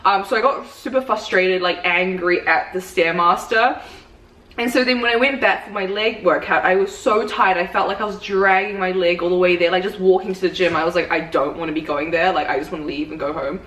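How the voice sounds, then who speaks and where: A young woman who works as a fitness coach chats casually in a vlog, her voice fairly low-pitched and a bit bright. She tells stories packed with "like". The recording sounds roomy and distant, with faint ambience.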